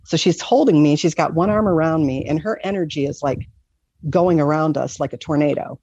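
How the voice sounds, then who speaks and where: A woman's voice: low voice, fairly quick, mellow, slightly rough, dry recording, highs cut off. A middle-aged woman from Michigan, earnestly telling a personal story in a rambling, casual way. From Michigan, USA. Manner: earnest, rambling, with many fillers. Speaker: guest telling a near-death story.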